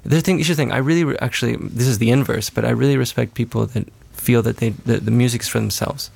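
A man's voice: mid-range voice, fast talker, gravelly, darkish tone. A man being interviewed as a musician, talking in an earnest, rambling way with many restarts and self-corrections. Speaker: musician guest. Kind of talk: casual interview talk.

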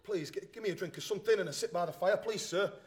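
High husky young thug narrator, as an actor does him, sneering slang, radio drama. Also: male voice, quick pace. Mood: pleading. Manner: sneering slang-laced banter. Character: young male hooligan narrator, cocky, slang-talking, self-pitying.

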